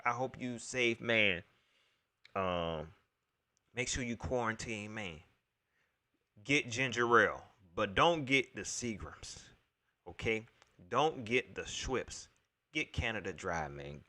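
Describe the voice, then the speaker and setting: On a casual solo livestream, a man rambles through an exasperated sports rant aimed directly at his viewers, going over his points again and again. His voice is medium in pitch, pushed and bright.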